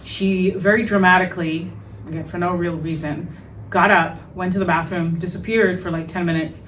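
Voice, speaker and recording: A woman hosting a podcast, telling a story in a frank, animated way, with lots of fillers and some swearing. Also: lowish voice, moderate pace, far from the mic, a little hiss or hum, rough recording. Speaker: podcast host. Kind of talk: casual storytelling monologue.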